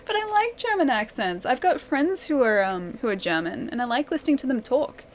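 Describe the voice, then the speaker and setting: Giggly young woman streaming a game, chatting back to her viewers, kinda high voice, a little hiss behind. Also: sing-song, a little fast. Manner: chatty, giggly, reading and answering viewers' messages. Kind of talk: casual live-stream chat.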